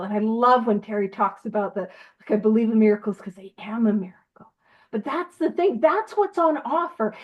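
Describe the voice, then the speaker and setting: Upbeat high-voiced woman. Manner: upbeat, jokey, laughs often. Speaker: recovery study co-host. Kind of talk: casual online meeting talk.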